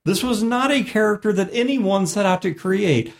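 A man's voice: high voice, moderate pace, creaky. A man who is a game master and podcast host, explaining a tabletop game in casual chat with a wry manner and frequent laughter.

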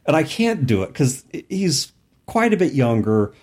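A middle-aged man with a slightly gravelly voice, casually telling a tabletop game story with lots of laughter. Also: a little high, a little slow. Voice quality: gravelly from old throat damage. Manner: animated, laughing often, voice jumping up when excited.

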